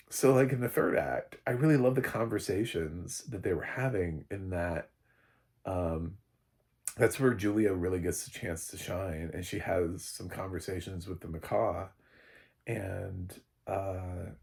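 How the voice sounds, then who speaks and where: A man's voice: fairly low pitch, creaky, a little mellow, breathy edge. A man giving a casual spoken movie review, rambling, restarting sentences and chuckling often. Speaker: film reviewer.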